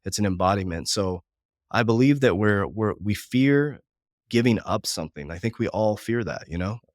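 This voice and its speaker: A man in his forties talking quickly and with feeling in a podcast conversation, often speaking of faith and family. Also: fairly low pitch, animated, darkish tone, no echo, studio quality. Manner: fast, heartfelt, religious. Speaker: business coach, guest.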